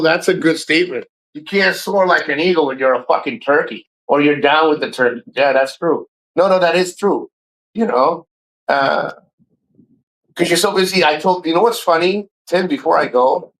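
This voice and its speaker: A man's voice: on the high side, fairly bright tone, low-quality recording. A man in his fifties chatting casually on a live stream, rambling and swearing freely, often repeating words and restarting sentences. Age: 50s.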